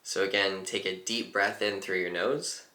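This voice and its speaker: A man leading a guided meditation in a calm, unhurried, gently instructive way. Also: deep voice, reverberant. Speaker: meditation teacher.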